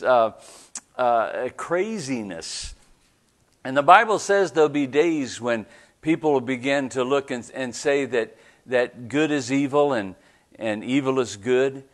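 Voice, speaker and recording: A man preaching a sermon at a church service, talking in a conversational way and often checking in with the congregation. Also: medium pitch. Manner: conversational preaching with frequent "right?" asides. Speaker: pastor.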